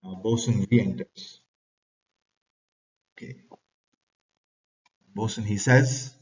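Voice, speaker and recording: A man's voice: fairly low pitch, a little slow, a little mellow. A man with an Indian accent teaching a class, reading lines from a play aloud and then explaining them in plain words. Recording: distant dull lo-fi recording.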